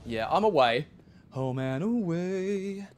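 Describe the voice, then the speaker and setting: Casual gamer narrating his play, lively swings in pitch, mid-range voice, chatty and self-mocking. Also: slow, a little hiss or hum. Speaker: gaming video creator. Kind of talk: casual gameplay commentary.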